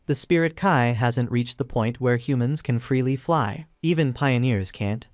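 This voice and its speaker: A man reading the lines of a calm, thoughtful young male hero who explains things steadily. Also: medium pitch, measured pace, no echo, clean studio sound, natural voice.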